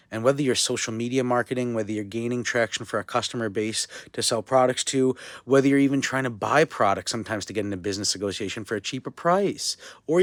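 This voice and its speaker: A man's voice: mid-range voice, no room sound, studio quality. A man from India giving a casual video lesson as an instructor. He rambles, corrects himself, and keeps checking in with "okay?" and "you know?".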